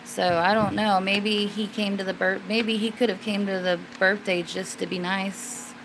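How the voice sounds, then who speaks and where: A woman hosting a casual question-and-answer stream, rambling with many fillers and restarts, and at times suddenly getting excited and loud. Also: mid-range voice, moderate pace, background noise. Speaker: livestream host answering viewers. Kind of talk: casual chat.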